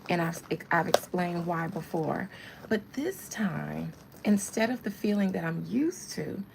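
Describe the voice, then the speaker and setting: A woman in her thirties with a gravelly, fry-tinged voice, chatting through a tarot reading on a livestream. She talks to her viewers and the spirits alike and breaks into laughter often. A faint hiss sits under her voice. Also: fairly low pitch, expressive, a little slow. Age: 30s. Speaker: tarot reader. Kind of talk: casual livestream chat.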